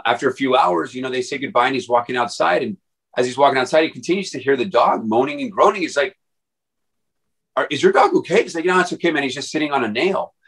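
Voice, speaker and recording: A man's voice: medium pitch, a bit bright, rough recording. A man guest on an interview podcast, telling his story casually in a rambling way with many fillers and restarts. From Texas.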